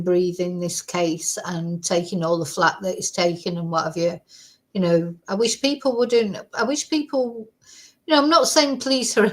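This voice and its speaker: A woman, hosting and giving chatty, rambling live commentary. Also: mid-range voice. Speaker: host.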